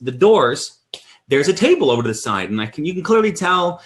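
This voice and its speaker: Energetic guy hosting a sales call, tells stories loud and animated, lots of restarts. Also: fairly quick. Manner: energetic storyteller, lively swings in pitch. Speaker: host of a sales training call. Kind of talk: casual live-stream talk.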